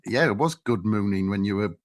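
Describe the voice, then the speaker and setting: A man's voice: fairly low pitch, lively intonation, a little fast. A man from North East England hosting a casual podcast quiz, chatty with many fillers. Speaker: quiz host.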